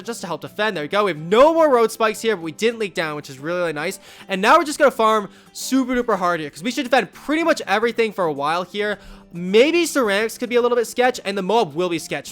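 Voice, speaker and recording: A man's voice: high-pitched, a bit bright. A young man giving casual gameplay commentary as a YouTuber, upbeat and rambling with many fillers and asides. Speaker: gaming YouTuber.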